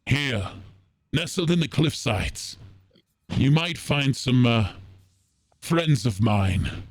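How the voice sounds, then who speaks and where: A man, the dungeon master, playing a cautious, secretive spy master who speaks in measured, weary tones. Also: medium pitch, animated, dry recording. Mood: grave. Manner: measured, grave, weary sighs. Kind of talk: tabletop role-play voice acting.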